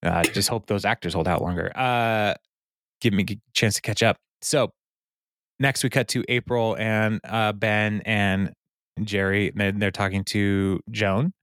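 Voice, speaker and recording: A man's voice: fairly low pitch, fairly even intonation, a bit bright, dry recording, studio quality. A man co-hosting a casual podcast, recapping a TV episode and acting out the characters' lines. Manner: retells scenes with quick quoted voices and laughs. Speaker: podcast co-host.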